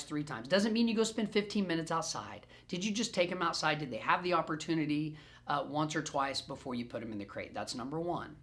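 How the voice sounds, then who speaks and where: A man who trains dogs, answering questions in a recorded group session in an animated, playful way and repeating phrases for emphasis. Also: fairly high pitch. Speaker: dog trainer. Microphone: self-recorded camera.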